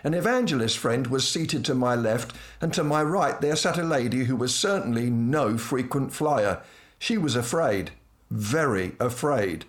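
Dry-witted man telling a comic story. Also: medium pitch. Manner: dry, self-mocking wit with lively voiced asides. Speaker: preacher telling a personal anecdote. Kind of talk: scripted humorous storytelling.

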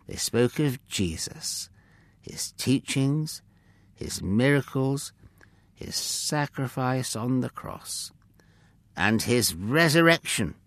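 Slow, gravelly male storyteller. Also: medium pitch, dry recording. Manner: expressive, addresses the listener directly. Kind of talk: scripted narration of a children's Bible story. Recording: dry close mic with faint music.

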